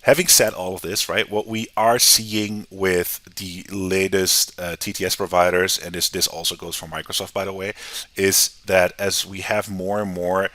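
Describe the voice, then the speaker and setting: An American man giving a casual, conversational software tutorial, often checking in with "right?". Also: low-pitched, moderate pace, dry recording. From United States. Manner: relaxed, conversational, often tags sentences with "right?". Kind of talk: screen-recorded software tutorial.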